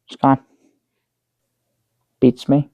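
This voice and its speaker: An actor playing a bumbling middle-aged guest who rambles through a tall tale with many restarts, in improvised sketch comedy. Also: male voice, extremely slow, a little mellow, no room sound. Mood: dry, halting. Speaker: guest on a comedy talk show.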